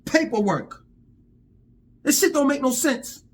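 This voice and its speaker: A man vents in a fiery, profane monologue and keeps tripping over repeated words. His voice sits high and leaps all over the place. He sounds worked up and blunt. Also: lively intonation, a little slow. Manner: heated, profane, stammering repetitions. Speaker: vlogger. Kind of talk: angry monologue rant.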